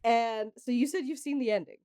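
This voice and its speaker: A woman's voice: a little high, brisk, warm tone, dry recording, studio quality. A young woman co-hosting a podcast, chatting casually about movies and laughing often. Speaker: podcast co-host.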